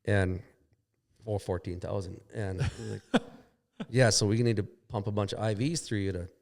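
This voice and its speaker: Vocal fry colors this man's lowish, slightly mellow voice, which holds a steady tone at a moderate pace. He's a podcast guest in a shop casually telling a long story about a crash. He rambles, swears, and acts out the quoted dialogue.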